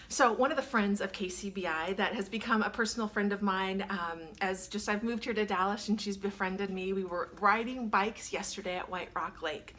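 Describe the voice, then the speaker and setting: A woman's voice: medium pitch, moderate pace, few pauses, sharp tone. A woman hosting a radio show, telling a personal story in an earnest, emotional way and fighting back tears. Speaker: radio host. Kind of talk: casual on-air storytelling.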